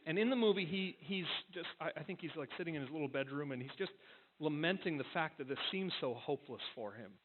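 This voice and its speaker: Man, pastor, sermon, lively pitch, fairly high voice, tinny phone-like sound. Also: fast. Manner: conversational storytelling, repeats words when restarting.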